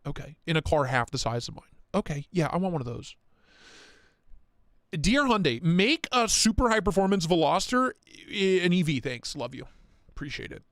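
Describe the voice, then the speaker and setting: A man hosting a casual live stream, talking in excitable, profane, rambling rants. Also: a little high, normal speed, no room sound, studio quality. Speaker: livestream host.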